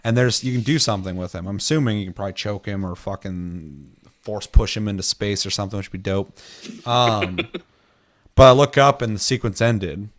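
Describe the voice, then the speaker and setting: A man's voice: fairly low pitch, brisk. A man co-hosting a gaming podcast, telling a story in casual chat, swearing freely and acting out quotes. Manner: profane, animated storytelling with acted-out quotes. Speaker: podcast co-host.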